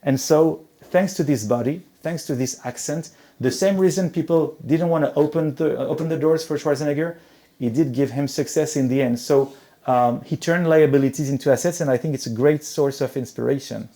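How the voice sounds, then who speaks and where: Middle-aged male speaker, gravelly and dark, halting delivery with frequent restarts. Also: a little high. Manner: hesitant, many repeated words and restarts. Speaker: conference speaker. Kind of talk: motivational conference talk.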